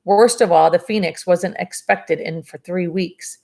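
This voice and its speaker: A woman's voice: lowish voice, measured pace, creaky, dark tone. A woman reading a novel aloud and breaking off for chatty asides and dry sarcasm about the story. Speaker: reader of a novel. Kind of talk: reading a book aloud with commentary.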